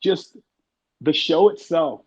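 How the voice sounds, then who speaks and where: Slow and a bit mellow, this man's husky, fairly high voice has lively intonation as he tells rambling, profanity-laced stories in an interview, acting out what people said. The recording sounds muffled and lo-fi.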